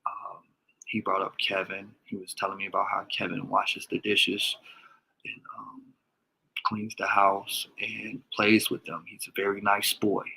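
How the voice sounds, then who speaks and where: A man's voice: lowish voice, completely flat delivery, a little slow, creaky, sharp tone, breathy edge. A man speaking to his followers in a casual vlog as an emotional father, his voice crackling as he stumbles and repeats words.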